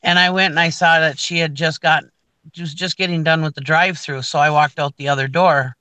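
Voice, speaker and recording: A middle-aged woman co-hosting a casual morning show tells a long, rambling story with many restarts. Her deep voice is brisk, pushed and bright, with fairly even intonation and a clear, resonant tone, and there is no echo.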